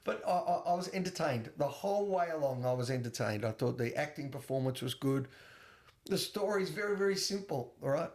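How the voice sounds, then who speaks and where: A man's voice: on the high side, expressive, a little fast. A man co-hosting a casual film podcast, talking enthusiastically with laughter and swearing. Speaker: podcast co-host. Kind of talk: casual chat.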